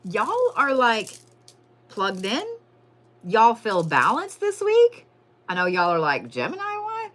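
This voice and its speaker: A woman's voice: mid-range voice, wildly swooping pitch, slow, long pauses, a bit bright. A woman giving a casual, profane live crystal and zodiac reading, chatting to viewers as y'all. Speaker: livestream tarot and crystal reader.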